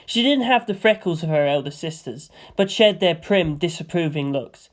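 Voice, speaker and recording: Woman reading a story aloud, lowish voice. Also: expressive, moderate pace. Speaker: fanfic reader.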